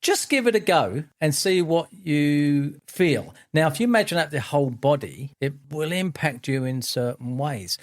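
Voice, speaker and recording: A man's voice: a little high, expressive, normal speed, hardly any pauses. A middle-aged man co-hosting a podcast in casual chat, upbeat and encouraging with a teasing edge. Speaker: podcast co-host.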